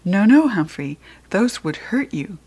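A woman's voice: medium pitch, sing-song, measured pace, breathy edge. A woman voicing a kind young girl. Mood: gently warning. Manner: gentle, reassuring. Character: kind young girl caring for her pet hamster.

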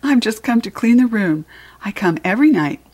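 A woman's voice: on the high side, expressive, fairly quick, a little mellow, breathy edge. A woman voicing a cheerful, joking middle-aged man who cleans a school at night, in a storybook read-aloud. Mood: jovial. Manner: jovial, chatty, teasing.

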